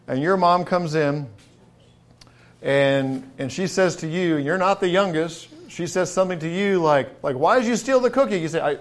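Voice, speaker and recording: A middle-aged man preaching a sermon in a folksy way, building to emphatic, drawn-out stresses on key words. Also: on the high side.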